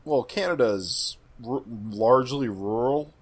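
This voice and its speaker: A man's voice: mid-range voice, unhurried. A man co-hosting a casual podcast chat, tossing in dry wisecracks and often restarting his sentences. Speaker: podcast co-host.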